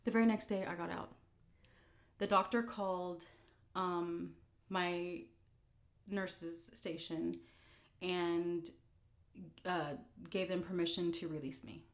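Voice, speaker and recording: A woman's voice: fairly low pitch, steady tone, slow pace, long pauses. A woman vlogger telling a story while eating, candid and blunt, rambling with fillers. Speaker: mukbang vlogger.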